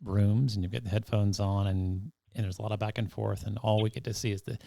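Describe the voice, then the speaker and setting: A man hosting a podcast, asking soft-spoken, rambling questions with restarts. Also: lowish voice, steady tone, brisk, creaky, no room sound, studio quality. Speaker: podcast host. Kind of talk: interview questions.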